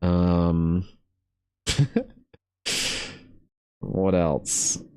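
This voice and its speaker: A man's voice: low voice, completely flat delivery, extremely slow, warm tone, smooth, no room sound, clean studio sound. A man in his thirties, an artist chatting casually with viewers while drawing, laid-back and rambling, laughing often and calling people dude. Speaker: artist livestreaming.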